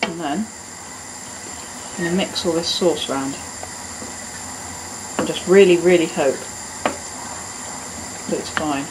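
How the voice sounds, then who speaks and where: A woman's voice: low-pitched, takes it slowly, pauses often. A woman hosting a casual cooking demonstration in a home kitchen, chatting along with joking, self-mocking asides. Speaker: cooking video host. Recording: noisy kitchen with clattering pans. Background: cutlery, pots and kitchen ambience.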